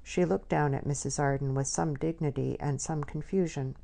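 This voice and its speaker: A woman reading a novel aloud in measured, scripted narration. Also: low voice, fairly even intonation, vocal fry, mellow. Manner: measured storytelling. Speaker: audiobook narrator.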